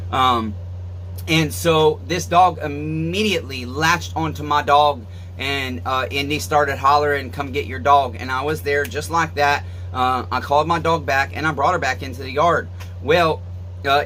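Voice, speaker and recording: Man, vlogger, casual storytelling, rambling, fillers, somewhat high voice, faint hum behind. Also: sharp tone, poor audio. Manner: rambling, full of fillers and asides.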